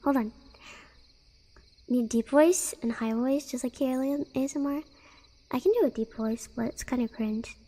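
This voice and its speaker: Giggly high-voiced woman streamer. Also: moderate pace, pauses often. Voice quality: soft voice. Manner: giggly, rambling, lots of fillers and restarts. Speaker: live streamer. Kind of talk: casual live-stream chat.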